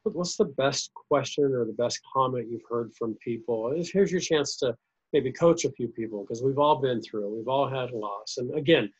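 Husky male interviewer, lo-fi sound. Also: mid-range voice, moderate pace. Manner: warm-hearted probing, thinks aloud, restarts. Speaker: podcast host, interviewer. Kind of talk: interview conversation.

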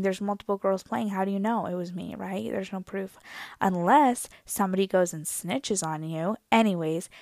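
A young woman chats straight to her viewers, telling a story with lots of drama and playful self-mockery. Her voice sits at a middle pitch and is recorded close and dry, with no room sound. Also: gravelly, dry recording. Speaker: vlogger.

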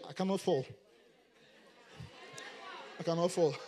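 A middle-aged male pastor preaching a sermon, rising into shouted, sing-song emphasis. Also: very high voice, expressive, normal speed, some chatter behind.

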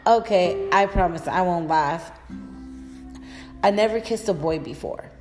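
A woman's voice: on the low side, unhurried, darkish tone, soft background music, lightly acted. A woman voicing a bubbly, teasing young female roommate in a read-aloud story.

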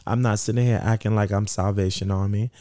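This Brooklyn-born founder of a sneaker charity is middle-aged, and his fairly low, warm voice stays steady as he talks briskly. Recounting his story for an interview, he's earnest, goes over the same points again, and performs the lines he quotes. Studio-quality audio, dry with no reverb.

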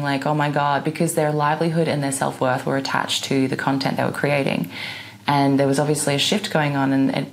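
A young woman hosting a solo podcast, chatting casually with frequent "like"s, quick laughs and casual swearing. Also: extremely low pitch, gravelly. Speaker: podcast host.

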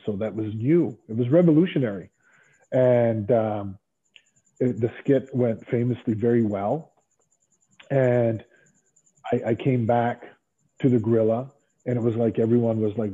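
Husky male guest, middle-aged, lively storyteller, thin phone-like sound. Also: mid-range voice. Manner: animated storyteller acting out other people's lines. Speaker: interview guest. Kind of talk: casual storytelling interview. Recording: tinny phone-like line.

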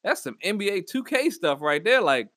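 This podcast host talks by himself in a high, sing-song voice that's bright and forceful, moving at a normal speed. His casual chat rambles along with jokes and plenty of slang. The sound is dry and studio quality.

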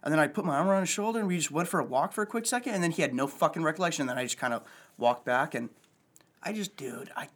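A young man in casual chat, telling stories in an animated way and swearing often. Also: on the high side, very fast. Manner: animated storyteller, swears a lot.

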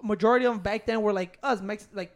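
A speaker in casual chat, switching between English and Spanish, slangy, often trailing off quietly. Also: medium pitch, fast talker, lo-fi sound.

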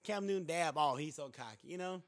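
A man in loose podcast banter, rattling off his points at a quick clip with a slightly raised pitch. He talks fast and animated, laughs often and leans on "you know" between thoughts. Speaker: podcast co-host. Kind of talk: casual podcast chat.

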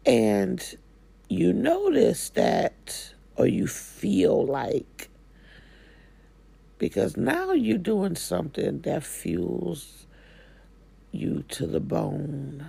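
Slow-talking woman with a real husky rough voice, folksy slang, chatting from her living room. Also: on the low side, dark tone. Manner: folksy, drawling, slangy Southern-style speech. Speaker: spiritual coach. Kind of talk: casual motivational talk.

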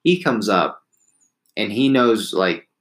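Man, low voice, casual rambling storyteller who acts out the people he quotes. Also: lively intonation, slow pace, fairly bright tone, poor audio. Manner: rambling, restarts, laughs at himself, acts out quotes.

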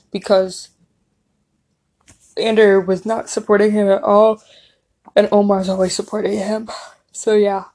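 This chatty review comes from a young TV show reviewer whose warm, mellow voice sits at medium pitch. She's animated and effusive about the season, repeating characters' lines without putting on voices.

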